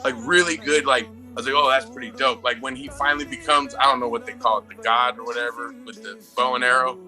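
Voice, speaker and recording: A man's voice: medium pitch, fast talker, soft background music. A man in casual podcast chat about a movie, swearing a lot and laughing often as he tells scenes. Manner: profane, excitable, laughs often while telling. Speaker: movie review podcast co-host.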